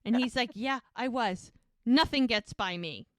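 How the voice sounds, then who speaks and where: A woman's voice: a little high, measured pace, a bit bright, no echo. Chatty woman retelling TV scenes. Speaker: podcast co-host recapping episodes. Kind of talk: casual recap chat.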